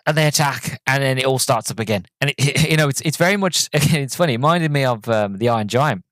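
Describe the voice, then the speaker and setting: A man's voice: mid-range voice, quick pace, few pauses, a bit bright, no echo. A man hosting a podcast, giving a casual, rambling movie review that keeps wandering off on tangents. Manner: rambling, goes off on tangents, many fillers and restarts. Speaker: podcast host.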